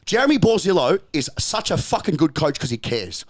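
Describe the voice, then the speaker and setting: A man's voice: on the high side, sing-song. A man with an Australian accent, a podcast guest telling stories in casual chat, swearing often, with emphatic restarts and repeated phrases. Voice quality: profane, emphatic storytelling. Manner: repetitive restarts and rapid bursts.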